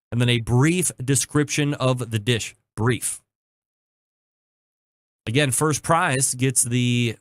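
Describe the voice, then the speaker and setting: A man's voice: on the high side, fairly bright tone, dry recording. Chatty male podcast host, dry sound. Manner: chatty, jokey storytelling with quick asides. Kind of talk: casual chat and sponsor read.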